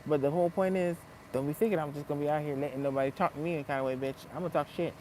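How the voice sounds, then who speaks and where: A woman vlogging in a casual rant, blunt and profane, swinging between low muttering and loud heated outbursts. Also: fairly even intonation, racing, a little hiss or hum, poor audio. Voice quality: blunt, heavily profane street talk. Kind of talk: casual unscripted vlog rant.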